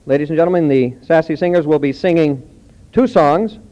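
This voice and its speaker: A man's voice: a little high, brisk, warm tone. A man emceeing a college singing contest on stage, cracking offhand jokes between announcements, heard on a dull old archive recording. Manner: wisecracking, offhand asides. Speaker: master of ceremonies. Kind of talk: joking stage emcee patter.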